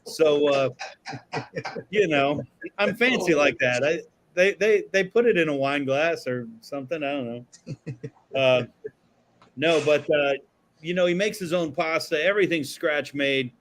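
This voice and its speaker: Man, casual studio talk, profane, storytelling, slightly high voice. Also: measured pace, long pauses, fairly bright tone, a little hiss or hum. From Florida. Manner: profane, storytelling, laid-back. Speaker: podcast co-host. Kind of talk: casual chat.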